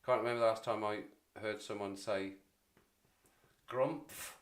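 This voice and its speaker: A man's voice: on the low side, flat delivery, brisk. A man in his forties hosting a casual livestream chat, rambling and self-deprecating as he talks to viewers. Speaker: livestream host.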